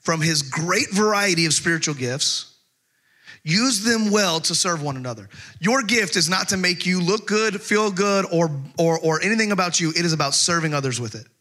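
Middle-aged guy preaching, kinda high bright voice, jokey storytelling then slows way down for bible verses. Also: expressive. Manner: conversational storytelling with humor; slows down to stress scripture. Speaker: pastor. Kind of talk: sermon.

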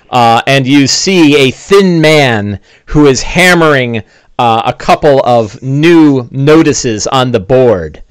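A man's voice: mid-range voice, clean tone, dry recording. A man narrating a tabletop game as game master, easygoing and full of "uh"s. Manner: easygoing, with many "uh"s.

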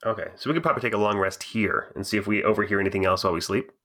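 Bright-voiced male player. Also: on the low side, racing. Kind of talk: casual chat over a tabletop game.

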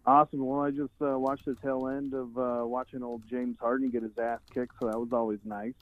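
A man's voice: medium pitch, flat delivery, brisk. A male caller phoning in to a talk show, blunt and laid-back. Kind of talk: casual phone call. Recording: tinny phone line.

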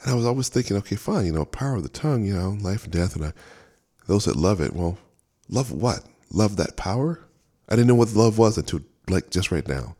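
A man's voice: fairly low pitch, lively intonation, brisk, mellow. A man preaching a sermon as a minister, earnest and fervent, often repeating and restarting phrases. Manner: speaks with fervor and emphasis.

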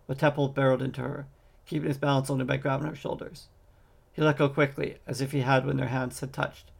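A man reading a fantasy novel aloud as an amateur audiobook, steady with small slips and restarts. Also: medium pitch, a little fast, gravelly. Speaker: audiobook reader.

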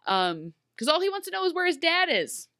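A woman co-hosting a casual TV recap podcast, talking in an animated way with lots of asides and fillers. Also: very high-pitched, brisk. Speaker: podcast co-host.

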